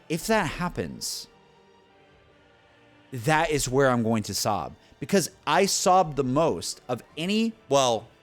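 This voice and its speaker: Animated young male streamer, lively pitch. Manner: animated, excitable, restarts and "like" a lot. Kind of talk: casual stream chat to viewers.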